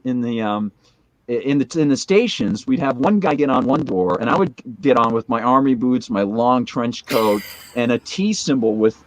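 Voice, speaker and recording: A man in his fifties, a podcast guest telling a long story in a casual, rambling way, with restarts and chuckles along the way. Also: medium pitch.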